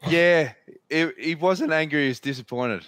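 A man's voice: a little high, normal speed, a bit bright, smooth, no room sound. An Australian man on a podcast, telling stories in casual chat and swearing freely. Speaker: podcast co-host.

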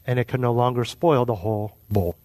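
A man's voice: mid-range voice, a little fast, darkish tone. A man preaching a sermon, explaining with everyday examples and putting questions to his listeners. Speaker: pastor.

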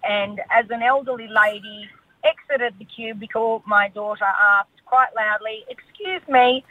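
A woman's voice: medium pitch, little pitch movement, unhurried, pushed and bright, no room sound. A woman calling in to a radio show, telling a story in a matter-of-fact way. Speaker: caller. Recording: tinny phone line.

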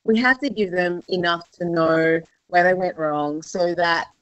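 Earnest woman, warm laughing guest. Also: lowish voice, a little slow, dry recording, muffled recording. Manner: earnest, gushing, laughs often. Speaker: cooking show judge, guest. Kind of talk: casual interview.

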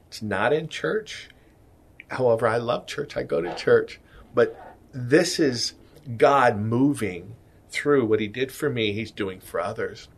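Guest, male, 50s; earnest, emotional testimony, middling pitch, often trailing off quietly. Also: breathy edge. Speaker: guest, jewelry business owner. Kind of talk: personal faith testimony.

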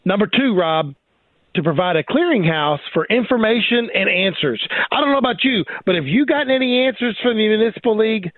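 A man speaking as a legal expert co-host on talk radio, animated and laughing often. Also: high voice, fairly quick, no echo. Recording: dry, phone-like talk radio sound.

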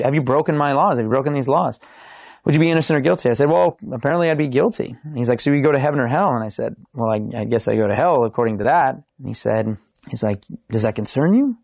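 Young man, gravelly, dry close mic; animated testimony with quoted dialogue. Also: medium pitch, dry recording. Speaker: podcast guest. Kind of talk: casual testimony storytelling.

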